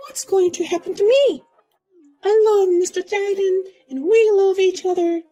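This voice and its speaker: A woman's voice: extremely high pitch, steady tone, moderate pace, warm tone, poor audio. A woman voicing a smug, boastful young woman who taunts and mocks in a sing-song way. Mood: smug taunting. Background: faint music.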